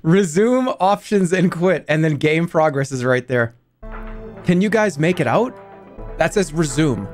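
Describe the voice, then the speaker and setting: A man in his thirties streaming games live, talking to his chat in an excitable, exasperated way, swearing and breaking into high-pitched outbursts. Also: a little slow, faint music behind. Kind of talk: live game stream commentary.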